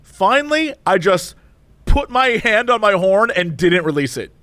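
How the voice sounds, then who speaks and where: A man co-hosting a podcast, telling a story in casual chat and acting out both sides with high and low voices. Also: big pitch swings, unhurried, fairly bright tone, dry recording. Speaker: podcast co-host.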